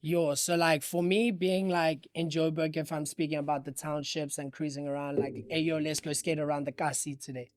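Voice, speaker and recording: A man from South Africa with a light Johannesburg accent, chatting casually as a podcast guest, slangy and relaxed. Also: on the high side, normal speed, hardly any pauses. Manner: laid-back, slangy, says "bro" and "quite frankly" a lot. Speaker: guest skateboarder.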